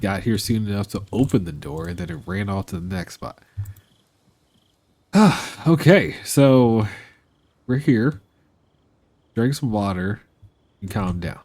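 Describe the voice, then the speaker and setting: A man with a low voice commentates a live gameplay stream at an unhurried pace. His pitch swings widely as he talks to his chat and scolds the game's animals, laughing and exasperated. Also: lively intonation, darkish tone.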